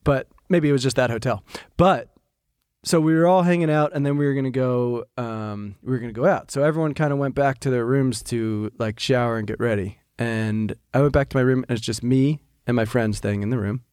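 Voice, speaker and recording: A man co-hosting a podcast, telling a casual anecdote in a relaxed, animated way. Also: medium pitch, brisk, clean tone, dry recording, clean studio sound. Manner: animated anecdote with acted-out voices. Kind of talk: casual storytelling.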